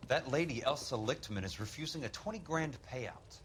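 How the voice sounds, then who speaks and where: An actor playing a respectful, steady 1940s insurance investigator in a game. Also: male voice, mid-range voice, moderate pace, a little hiss or hum, natural voice. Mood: earnest.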